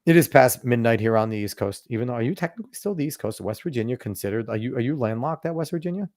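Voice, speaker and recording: A man's voice: medium pitch, lively intonation, fast, a little mellow, no echo. A man hosting a podcast, ranting emphatically and swearing freely in casual political chat. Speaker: podcast host.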